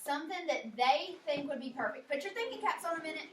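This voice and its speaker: A high-pitched woman teacher leads a lesson for young children in an upbeat, encouraging way. She says each word slowly and clearly. The mic sits far from her in a roomy classroom, with a faint hiss behind. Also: lively intonation.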